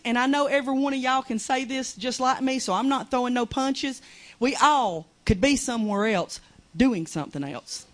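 A woman preaching a fervent, conversational sermon in a small church. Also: sits high.

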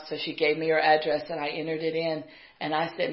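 A woman preaching a sermon, telling a personal story in a conversational way and building to fervent, shouted exhortation. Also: low voice, level tone, fast. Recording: roomy, slightly muffled recording.

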